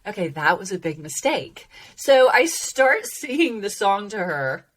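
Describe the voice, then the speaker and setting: A woman hosting a podcast, talking in an animated, expressive way in a casual monologue and laughing often. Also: medium pitch, measured pace. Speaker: host teaching about voice and emotion.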